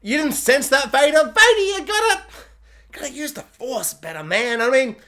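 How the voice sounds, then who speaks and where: An animated man reviewing a series in a casual, joking way, often breaking into quick impressions. His pitch swings widely as he talks, rising sharply when he gets excited. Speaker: video reviewer. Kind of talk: casual spoken film review.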